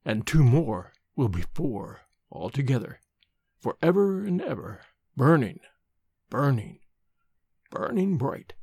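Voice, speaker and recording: A man voicing a cruel, dying old nobleman who speaks slowly and sinisterly in a storybook reading. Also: mid-range voice, big pitch swings, creaky, darkish tone, slightly rough, no echo, clean studio sound, exaggerated voice. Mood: ominous. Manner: slow, sinister.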